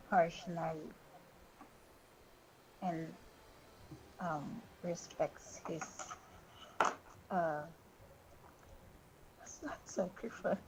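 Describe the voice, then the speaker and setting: A woman's voice: on the low side, a little mellow, a little hiss or hum. A woman playing a tabletop game, speaking hesitantly with fillers, on a dull, slightly lo-fi mic. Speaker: player.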